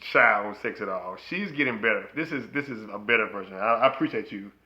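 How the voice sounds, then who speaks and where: Male podcast co-host: bright, animated and playful, preaches a little, recorded lo-fi. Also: fairly low pitch, a little fast. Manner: playful, preachy, bursts of loud excited laughter. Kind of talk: casual chat.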